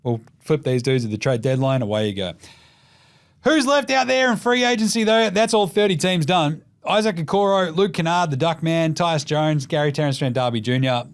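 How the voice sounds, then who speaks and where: An Australian man hosting a casual sports show, swearing freely and joking as he runs through his takes. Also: fairly high pitch. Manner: profane, jokey, animated with mocking put-on voices. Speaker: podcast host.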